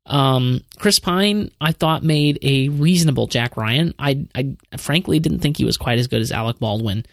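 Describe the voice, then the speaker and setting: In casual movie review chat, a podcast host from the American Midwest, speaking with a Midwestern accent, keeps restarting and repeating words. His gravelly, medium-pitched voice moves at a normal speed on a dry recording with clean studio sound.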